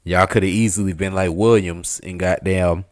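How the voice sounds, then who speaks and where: Deep-voiced Southern man chatting on stream. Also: moderate pace. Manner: relaxed, rambling, with slang and fillers. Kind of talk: casual live-stream chat.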